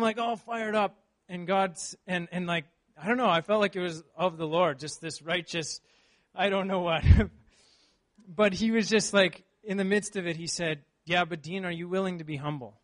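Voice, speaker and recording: A man preaching a sermon, reading scripture and then telling a personal story in an earnest, animated way. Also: high-pitched, a little slow.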